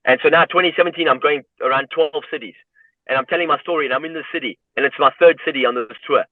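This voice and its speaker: A man's voice: fairly high pitch, fast, dry recording. A man, a guest in an interview who tells personal stories with feeling, leaning on "you know" as he goes. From South Africa. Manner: emotional, animated storyteller leaning on "you know". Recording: dry, tinny phone-like line.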